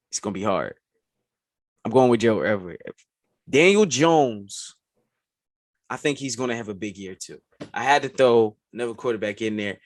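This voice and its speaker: A man co-hosting a podcast, chatting casually and excitedly about sports, saying "bro" often. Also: lowish voice, no room sound, clean studio sound. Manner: animated, says "bro" often. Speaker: podcast co-host.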